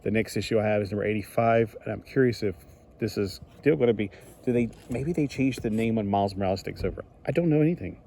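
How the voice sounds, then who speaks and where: A man's voice: lowish voice, quick pace, vocal fry, mellow, a little hiss or hum. A man giving a casual comic book review in a rambling way, full of restarts, asides and exasperated griping.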